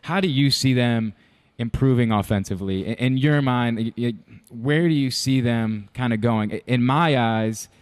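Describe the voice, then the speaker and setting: A man's voice: medium pitch, normal speed, clean tone. A man hosting sports radio, asking the analyst long, rambling questions about the team's guards.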